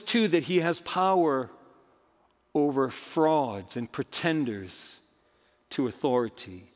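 Preaching pastor in a reverberant hall. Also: male voice, on the high side. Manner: emphatic preaching, rising and falling dramatically. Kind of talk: sermon. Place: church sanctuary.

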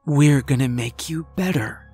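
A man's voice: on the high side, unhurried, darkish tone, husky, dry recording, faint music behind. A man voicing a sweetly menacing female nurse who soothes and mocks her patient. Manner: soothing, mocking.

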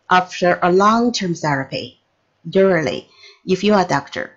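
Slow, halting woman lecturing. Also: on the low side, lo-fi sound. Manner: halting, many restarts and fillers, non-native phrasing. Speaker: pharmacology lecturer. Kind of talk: recorded lecture.

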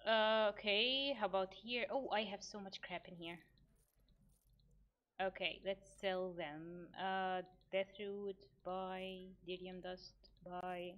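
A woman's voice: mid-range voice, level tone, slow, lo-fi sound. A woman streaming a game, chatting playfully and talking to herself as she plays. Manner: playful, mock-outraged, talks to herself while playing. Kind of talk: casual gaming stream chat.

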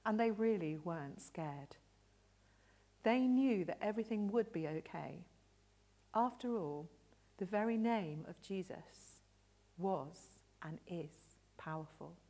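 A woman telling a Bible story gently and expressively for an all-age church service. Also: lowish voice, animated, takes it slowly, pauses often. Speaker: children's storyteller.

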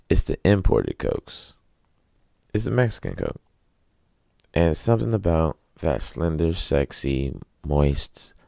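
A man's voice: extremely low pitch, vocal fry, warm tone, no echo, clean studio sound. A man hosting a solo podcast, rambling through crude, joking, self-mocking rants. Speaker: podcast host.

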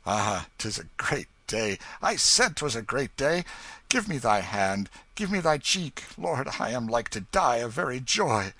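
A man voicing a fervent young knight, high and loud. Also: big pitch swings, unhurried, dry recording, full character voice. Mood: joyful. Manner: exclamatory, archaic speech, rising to anguish. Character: impassioned young male knight, homecoming soldier.

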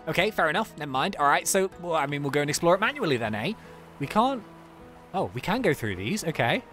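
A let's-play host chatting excitedly through gameplay, laughing often and reacting out loud. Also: medium pitch, fast, soft background music. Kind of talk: casual gameplay commentary.

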